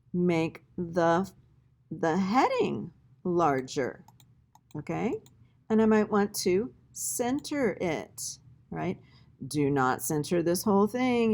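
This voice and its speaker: A woman's voice: mid-range voice, vocal fry, a little mellow. A woman teacher walking students through an assignment in a screen-recorded tutorial, talking conversationally and checking in often with "all right?".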